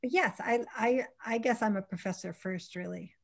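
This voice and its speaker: A woman's voice: on the high side, moderate pace, creaky. A middle-aged woman, an English professor and romance author, chatting on a panel and thinking aloud with small restarts. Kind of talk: casual panel chat on a video call.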